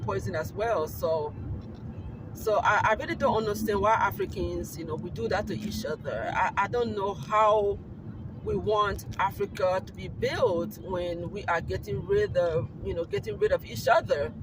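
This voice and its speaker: A man's voice: sits high, normal speed, background noise. A man from Liberia with a Liberian accent mixed with American, earnestly rambling to his YouTube viewers while driving, with lots of "you know" fillers. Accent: Liberian English mixed with American. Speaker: YouTube vlogger. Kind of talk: casual vlog talk while driving. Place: in a car on a windy, sunny summer day.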